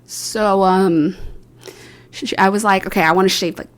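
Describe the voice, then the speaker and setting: A young woman talks straight to her viewers in a loose, rambling vlog. She tells her story in a chatty, self-mocking way, full of fillers and quick asides. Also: medium pitch, fairly even intonation. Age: young adult. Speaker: vlogger.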